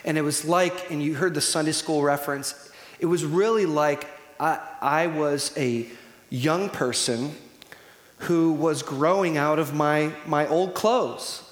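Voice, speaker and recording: A man leading a church series, speaking earnestly and emotionally with many halting restarts. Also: a little high. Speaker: church leader. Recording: roomy hall with long reverb.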